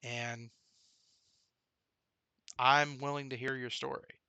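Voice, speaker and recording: Bright-voiced man in a candid vlog. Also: medium pitch, level tone, slow pace, creaky, clean tone, no room sound. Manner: candid and rambling, recounting a dream. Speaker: vlogger. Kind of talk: personal video update.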